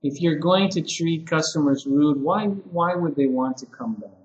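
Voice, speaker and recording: A man giving a relaxed lesson to ESL teachers, talking through example phrases with many fillers. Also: on the high side, moderate pace, echoey room, lo-fi sound. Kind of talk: casual spoken lesson to camera. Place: classroom with whiteboard.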